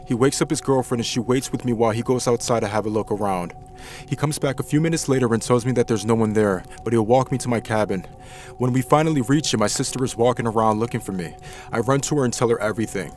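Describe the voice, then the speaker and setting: A man's voice: mid-range voice, fast talker, a little mellow, soft background music. A man narrating true scary stories in the first person, reading them dramatically. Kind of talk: scripted horror story narration.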